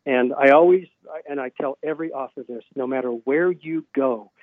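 A man's voice: mid-range voice, moderate pace, dry recording. A male author tells long rambling stories and plays out every quoted exchange, leaning on ums and you-knows. His voice comes through a narrow, phone-like line with a very dry sound and no room around it. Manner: rambling anecdotes with many fillers, acts out quoted dialogue. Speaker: self-published author, guest. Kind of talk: casual storytelling interview.

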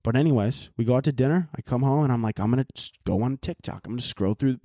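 A man's voice: mid-range voice, quick pace, warm tone, no room sound, studio quality. A young man hosting a solo podcast, ranting in an exasperated, rambling, profane way. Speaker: podcast host. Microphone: laptop and camera audio.

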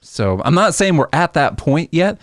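A man's voice: on the high side, very animated, normal speed, no room sound, clean studio sound. A man co-hosting a casual podcast chat, patiently explaining how the stock market works with everyday comparisons.

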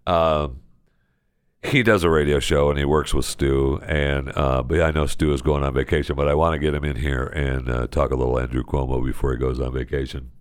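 Male talk host, very low voice, dry studio sound, sarcastic ranting monologue. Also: a little fast, clean tone, no echo. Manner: ranting, sarcastic, lively swings in pitch. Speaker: radio show host. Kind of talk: casual opinion monologue.

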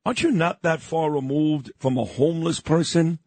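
A man's voice: a little high, moderate pace, a little mellow, no echo. An older man from New York hosting a morning radio show, telling a story in an emphatic, boastful way.

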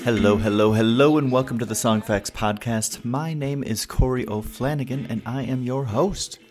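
A man with a mid-range, darkish voice speaks at normal speed as host of a music podcast. In a casual interview chat, he talks in a rambling, chatty way and restarts often.

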